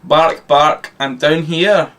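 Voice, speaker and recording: A man's voice: fairly high pitch, fairly even intonation, takes it slowly, a bit bright, recorded from a distance. Brief: chummy, rash alien time traveller, storybook read, a man voicing him. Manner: plain read-aloud delivery.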